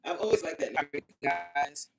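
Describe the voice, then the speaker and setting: A woman's voice: a little slow, darkish tone, soft background music. A woman hosting a casual phone livestream, reading viewer comments aloud and grumbling about the stream cutting out. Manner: chatty, reads viewer comments aloud, complains about glitches. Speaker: livestream host reading chat.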